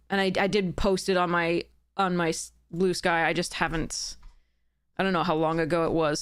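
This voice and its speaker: A woman streamer with a lowish, clean-toned voice reads a letter aloud and tears into it with casual, heated commentary, sarcastic and occasionally swearing.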